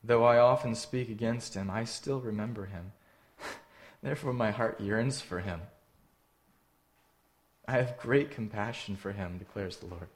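A man preaching a sermon, earnest and direct, asking the listeners questions and swinging between emphatic lines and hushed ones. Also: fairly low pitch, measured pace, pauses often. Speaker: pastor.

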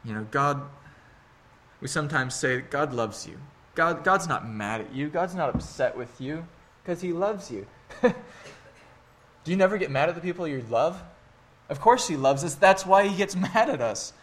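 A man in his thirties preaching a sermon in a conversational, earnest way with wry asides. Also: medium pitch. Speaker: pastor.

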